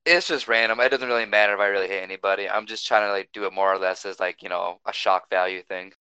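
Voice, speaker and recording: A man's voice: on the low side, fast talker, sharp tone, clean tone, no room sound, low-quality recording. A man playing a tabletop game, talking casually with many fillers. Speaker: player.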